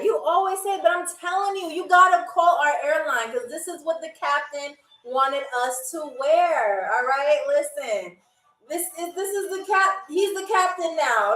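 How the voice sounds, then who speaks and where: A woman hosting a live trivia game show, chatting playfully with commenters and spelling out foreign phrases slowly. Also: high voice, a bit bright, distant mic. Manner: playful, teasing chat with commenters. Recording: echoey room, away from the mic, faint music.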